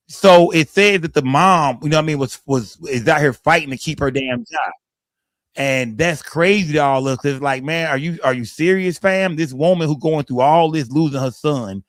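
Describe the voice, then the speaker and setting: A man's voice: mid-range voice, fairly quick, dry recording, clean studio sound. A man hosting a casual livestream, greeting chat names one by one and talking heatedly in slangy speech. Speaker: livestream host.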